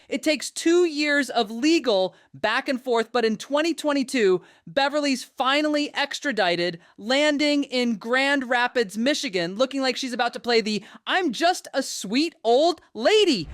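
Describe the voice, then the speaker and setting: Flippant high-voiced woman narrating true crime. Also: fairly bright tone, dry recording, studio quality. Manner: flippant, wisecracking. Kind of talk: slangy scripted narration.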